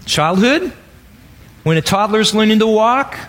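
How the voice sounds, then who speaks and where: A man's voice: sits high, lively intonation, measured pace, a bit bright. Conversational man preaching a sermon. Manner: conversational, asks rhetorical questions. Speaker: pastor.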